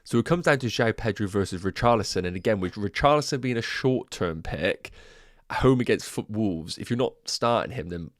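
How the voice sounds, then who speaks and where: A man's voice: fairly low pitch, animated, no room sound, clean studio sound. A man hosting a casual fantasy football livestream, chatting to viewers and answering their questions, a bit out of breath. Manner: chatty, banters with chat, quick asides.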